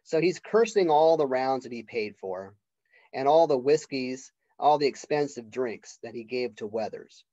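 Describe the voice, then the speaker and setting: A male literature professor with a medium-pitched, dark-toned voice speaks animatedly in a casual class lecture. He keeps it conversational and acts out characters' lines in rapid voices. The recording is dull, lo-fi, and echo-free.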